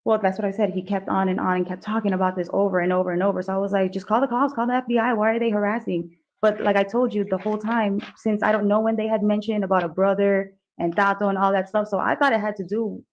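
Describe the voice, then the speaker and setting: A woman on the witness stand with a gravelly, fry-laden voice. She answers softly and haltingly, restarting often. The courtroom audio is dull and lo-fi. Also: mid-range voice, flat delivery. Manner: soft, hesitant answers with restarts and polite "yes, ma'am". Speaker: defendant testifying at trial. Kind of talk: courtroom testimony.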